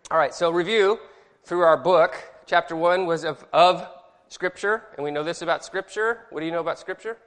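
A man with a fairly bright, somewhat high voice leads an informal Bible study, chatting and rambling as he quizzes his class and corrects himself along the way. The recording is in a reverberant hall with a long echo.

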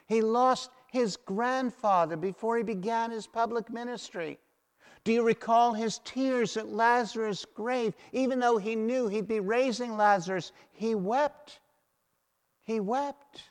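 A middle-aged man preaching a sermon, emphatic and repeating key phrases for weight. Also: high-pitched. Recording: long hall reverb.

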